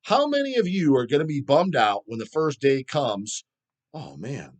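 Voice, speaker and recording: A man's voice: fairly high pitch, normal speed. A middle-aged man hosting a metal channel, ranting profanely and answering viewer questions. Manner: profane, animated, mocks people in put-on voices.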